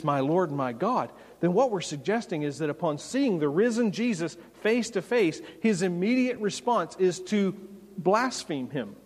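A man preaching a sermon as a pastor, conversational and emphatic, with folksy anecdotes, in a church sanctuary. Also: a little high. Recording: long reverb of a large hall.

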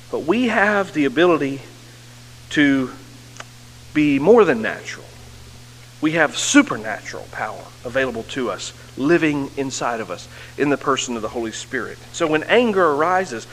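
A man's voice: on the high side, very animated, normal speed, a bit bright. A male pastor preaching earnestly, building to emphatic peaks, through an amplified mic in a church hall. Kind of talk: sermon. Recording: long hall reverb with faint hum.

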